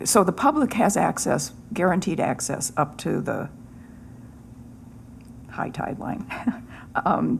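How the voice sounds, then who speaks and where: A woman's voice: low voice, gravelly, slight background noise. A woman on a city committee, hesitant and thinking aloud, often repeating words as she talks. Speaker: committee member. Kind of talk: committee meeting discussion.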